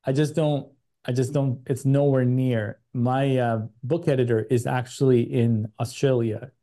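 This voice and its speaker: A man with an American accent from Chicago, an energetic and enthusiastic podcast guest. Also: medium pitch, a little slow. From United States. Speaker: guest, agency CEO. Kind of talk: podcast interview.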